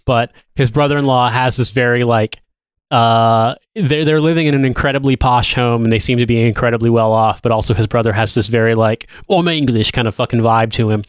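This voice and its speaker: A man co-hosting a podcast, rambling through a recap with lots of restarts and casual swearing. His voice is smooth and resonant. It is recorded dry and close to the mic. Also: medium pitch, steady tone, fairly quick, dry recording. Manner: rambling, profane, with filler-heavy restarts. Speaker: podcast co-host. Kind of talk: casual chat.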